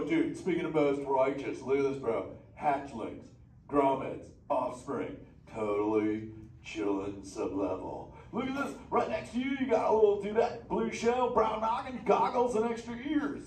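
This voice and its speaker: A man's voice: very high-pitched, recorded from a distance, voice pushed up, heavily acted. A man voicing a laid-back surfer sea turtle dude who talks in drawling surfer slang, playful and teasing the audience. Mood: excited. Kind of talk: live interactive show character. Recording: echoey theater from afar, noisy.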